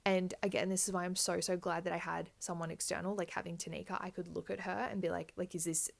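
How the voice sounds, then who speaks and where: A woman's voice: on the low side, level tone, fast, gravelly. A young woman telling her birth story in candid, chatty style, swearing freely. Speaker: vlogger. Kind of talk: casual birth story chat.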